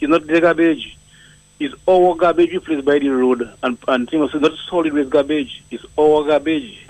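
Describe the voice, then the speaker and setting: A man's voice: mid-range voice, dry recording, low-quality recording. A man calling a radio show who lectures earnestly on handling garbage and repeats his points. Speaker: caller. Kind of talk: call-in comment.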